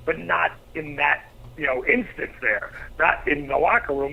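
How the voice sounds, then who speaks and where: A middle-aged man, a former pro wrestler, telling profane, animated anecdotes as an interview guest. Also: fairly high pitch, a little fast, vocal fry, slightly rough. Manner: profane, animated storyteller acting out quotes. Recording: slightly dull lo-fi recording.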